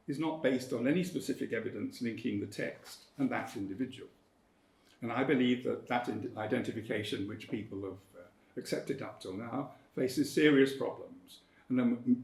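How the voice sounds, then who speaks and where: A man giving an academic lecture in a measured, precise way, with firm emphasis on key points. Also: medium pitch, darkish tone. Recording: roomy lecture hall.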